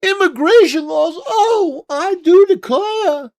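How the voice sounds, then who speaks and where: A man's voice: very high-pitched, expressive, slow, voice pushed up, exaggerated voice. A man putting on the voice of a pearl-clutching, overweight woman, sounding like a Southern belle in exaggerated dismay. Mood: mocking.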